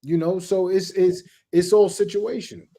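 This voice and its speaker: Guy on a podcast, slightly higher voice, calm, keeps restarting his words. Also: normal speed. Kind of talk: casual podcast chat.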